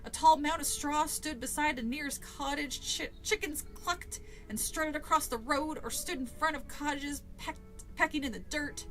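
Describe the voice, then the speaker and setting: A woman's voice: high voice, moderate pace, a bit bright, soft background music. A woman streamer reading a children's book aloud in a chatty way, swearing, laughing and breaking off to comment. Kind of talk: casual live-stream read-along.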